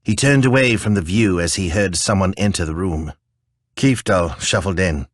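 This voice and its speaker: Deep voiced guy reading a fantasy book, slow, calm, dry close sound. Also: no echo. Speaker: audiobook narrator. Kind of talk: scripted fantasy narration.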